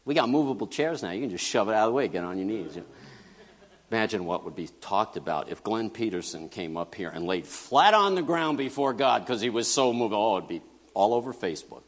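A middle-aged man preaching a conversational sermon, animated and joking, swinging between loud bursts and hushed asides. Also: on the low side, a little fast. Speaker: pastor. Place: church sanctuary. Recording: long reverb of a large church hall.

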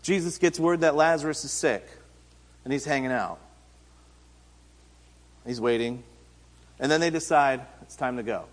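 A man's voice: mid-range voice, measured pace, long pauses. Man preaching casually in an echoey hall. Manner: conversational, acts out Bible figures in everyday speech. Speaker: pastor and teacher. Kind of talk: casual sermon. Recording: reverberant hall.

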